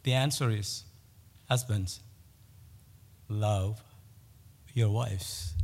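Male pastor, measured sermon delivery with emphatic repetition, recorded in a hall with long reverb. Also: on the low side, a little mellow. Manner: storytelling, with pauses and emphatic repetition. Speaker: preacher.

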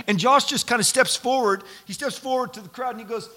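A man preaching a sermon, telling a story with lively energy and acting out the people he quotes. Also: very high-pitched, quick pace, hardly any pauses. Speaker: pastor.

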